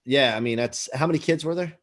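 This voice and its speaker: A man's voice: mid-range voice, quick pace, a bit bright. A man from Pennsylvania hosting an interview, encouraging his guest to tell his story. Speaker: podcast host. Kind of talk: conversational interview.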